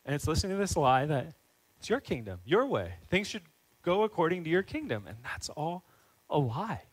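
A man delivers a sermon from the pulpit in a somewhat raised, higher-pitched voice. He talks earnestly and then climbs into fervent, pressing questions. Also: very animated, moderate pace, low-quality recording. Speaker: pastor.

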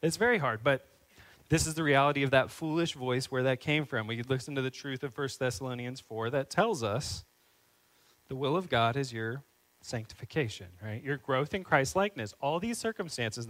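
A man's voice: mid-range voice, fairly bright tone, rough recording. A man preaching a sermon as a pastor, earnest and building into fervent, emphatic questions.

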